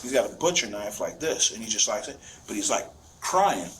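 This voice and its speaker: A man, a father, telling his story in an interview with emotional, animated storytelling. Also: lowish voice, brisk, slight background noise. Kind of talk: recorded interview.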